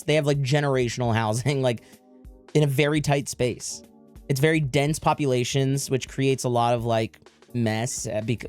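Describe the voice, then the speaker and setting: A woman's voice: rumbling low, a little mellow. A woman streamer chatting casually with her viewers, rambling and correcting herself. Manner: rambling, self-interrupting, swearing.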